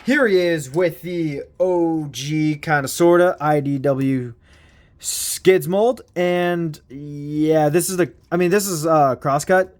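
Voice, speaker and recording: Male toy reviewer, slightly high voice, slow and rambling, self-deprecating, casual swearing. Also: darkish tone.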